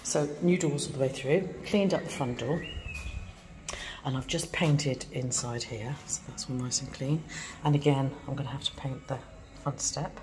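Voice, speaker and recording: A woman's voice: very deep voice, normal speed, darkish tone. A woman vlogging her bungalow renovation in a casual, wry, self-deprecating way, sounding a little tired. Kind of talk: casual home renovation vlog. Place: empty bungalow under renovation, indoors. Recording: echoey bare rooms with hall reverb and background noise.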